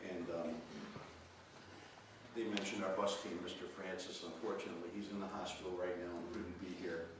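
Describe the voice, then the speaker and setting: A man giving a halting, heartfelt memorial tribute, stumbling over and repeating his words. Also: low voice, little pitch movement. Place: funeral home chapel. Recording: echoey, noisy room from far off.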